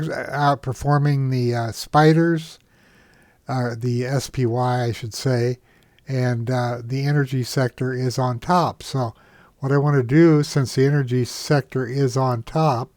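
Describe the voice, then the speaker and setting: Male instructor, mid-pitched, for a dry-miked screen tutorial; slow, halting delivery full of "uh" pauses. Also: a little mellow, dry recording. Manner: unhurried, many "uh" pauses and self-corrections. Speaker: trading software instructor. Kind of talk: screen-share software tutorial.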